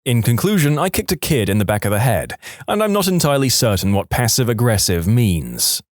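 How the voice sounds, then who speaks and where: Guy reading reddit-style stories out loud, bouncy intonation, dead dry close mic. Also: mid-range voice, big pitch swings, fairly quick, no echo. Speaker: story narrator. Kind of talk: reading online stories aloud.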